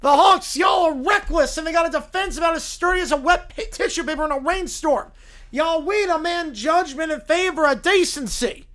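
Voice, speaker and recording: A man voicing a loud, self-righteous male lawyer with a put-on Southern drawl who moralizes in folksy sayings, in a comic courtroom role-play. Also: moderate pace. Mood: indignant. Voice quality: booming, preachy, folksy sayings.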